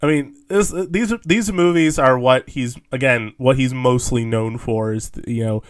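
Male co-host, mid-pitched, loose and rambling, full of "like" and "you know". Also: measured pace. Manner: rambling, with many fillers and restarts, laughs often. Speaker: podcast co-host. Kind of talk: casual film discussion.

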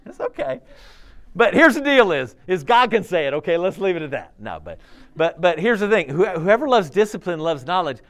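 A middle-aged man gives a sermon to a youth group, talking in a loose, conversational way. His fairly high voice swings widely in pitch as he acts out quoted voices. He keeps checking in with the listeners by asking "okay?" and "all right?". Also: moderate pace. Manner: animated, chatty preaching with frequent "okay?" and "all right?". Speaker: youth pastor.

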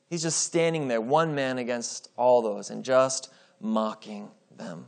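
A man preaching, reading scripture aloud with expressive storytelling and casual asides. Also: medium pitch, unhurried, gravelly. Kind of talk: Bible reading with commentary.

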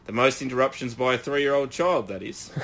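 Man, bright and forceful tone, deadpan mock compliments for friends on a podcast. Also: mid-range voice, a little hiss or hum. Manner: dry mock-praise, teasing. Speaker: podcast co-host. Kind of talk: casual roasting banter.

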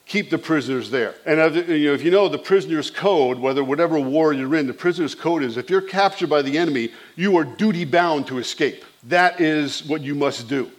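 Fervent male preacher, slightly high voice. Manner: fervent, rising and falling with emphasis; conversational asides with fillers. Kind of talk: sermon.

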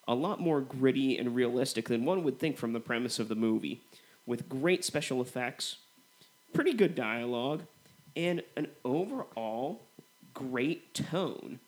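A man's voice: medium pitch, measured pace. Laid-back man co-hosting a movie podcast. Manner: relaxed, filler-heavy comparisons with "you know". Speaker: podcast co-host. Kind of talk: casual movie review chat.

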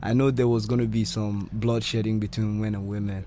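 A man with a polished radio-presenter accent, guest on a casual podcast, talking in an animated, defensive way and repeating himself to press his points. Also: fairly low pitch, a little fast, a little hiss or hum. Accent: polished radio-style English accent. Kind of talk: casual argumentative chat.

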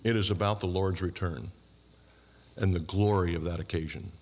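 A man's voice: low-pitched, fairly even intonation, moderate pace, darkish tone, big-room sound, slight background noise. A man preaching a sermon, asking the congregation questions and adding dry asides. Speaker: pastor.

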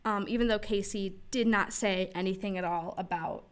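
A woman talks through an idea in a loose, rambling way, stopping to restart her thoughts. Her voice sits at an ordinary middle pitch. She fills pauses with ums and likes. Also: steady tone, clear, resonant tone. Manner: rambling, explanatory, many fillers. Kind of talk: casual chat.

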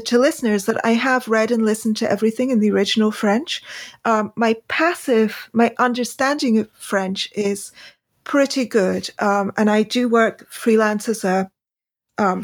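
A woman hosting a podcast interview, talking casually and hesitantly with many ums and restarts. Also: fairly high pitch. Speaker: podcast host; freelance translator.

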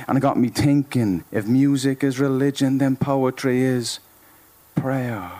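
A man with a Dublin accent performing spoken-word poetry live on a club stage, with a rhythmic, emphatic delivery that swings between loud and hushed. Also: fairly high pitch. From Ireland. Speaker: performance poet.

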